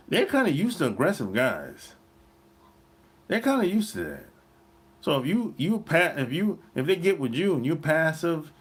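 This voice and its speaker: A man's voice: fairly high pitch, a bit bright. A man hosting a podcast, giving blunt, profane dating advice in a casual monologue and laughing often. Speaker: podcast host.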